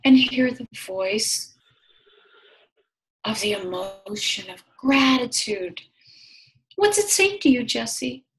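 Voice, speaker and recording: A woman healer leading a guided healing session, speaking slowly and soothingly, repeating phrases. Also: a little high, lively intonation, a little hiss or hum, rough recording. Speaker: energy healer.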